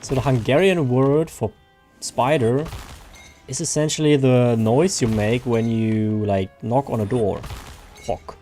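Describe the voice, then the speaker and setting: A male game streamer talks in a loose, rambling way, greeting viewers by name as he plays. His pitch sits in an ordinary middle range, and soft game music plays underneath. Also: measured pace. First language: German. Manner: rambling, chatty, reads viewer names aloud. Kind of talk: casual stream chat.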